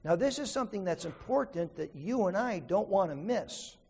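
Gravelly, husky preacher man. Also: sits high, animated, moderate pace, warm tone, big-room sound. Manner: storytelling, earnest and emphatic. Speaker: pastor. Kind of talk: sermon.

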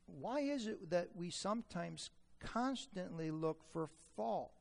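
A man's voice: fairly high pitch, moderate pace, creaky, darkish tone. A man preaching a sermon to an audience, humorous and asking them questions. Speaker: preacher teaching on parenting. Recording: echoey hall reverb.

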